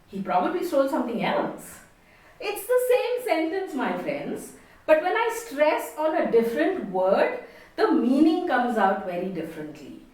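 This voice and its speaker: A woman with an Indian accent teaching a communication lesson. She stresses her words deliberately and expressively. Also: high voice, very animated, a little mellow. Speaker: communication trainer. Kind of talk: spoken lesson. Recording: echoey room, distant mic.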